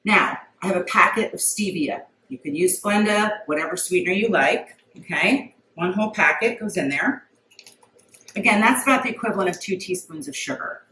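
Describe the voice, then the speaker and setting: A woman's voice: medium pitch, expressive, normal speed, pushed and bright, reverberant, recorded from a distance, a little hiss or hum, poor audio. A middle-aged woman chatting casually as she demonstrates a recipe at home, folksy and talkative. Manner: chatty, folksy, says okay often. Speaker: home cooking vlogger. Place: home kitchen.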